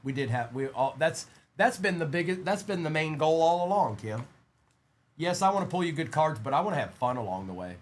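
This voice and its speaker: An animated, talkative man with a slightly high voice hosts a live-stream card break, upbeat as he says hello to viewers. While ripping packs, he fires off player names in quick succession.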